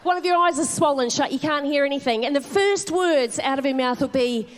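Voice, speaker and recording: A woman in her forties with a New Zealand accent, telling swearing, animated stand-up stories on a theatre stage. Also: sits high, fairly quick. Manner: animated storytelling with swearing and laughter. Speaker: stand-up comedian. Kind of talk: live stand-up set. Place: theatre stage before a live audience.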